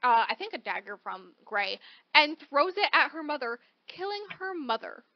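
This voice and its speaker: A high-voiced woman co-hosting a podcast recaps a novel's plot in fast, animated chatter, throwing in "like" and "right?" and swearing casually now and then. The recording is dry, without room echo, and slightly muffled, like a modest home setup.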